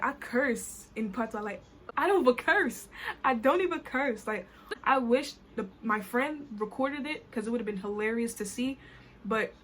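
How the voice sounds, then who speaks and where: A young woman with a Caribbean accent tells an indignant, animated story in a casual vlog. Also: on the high side. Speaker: vlogger. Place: New York.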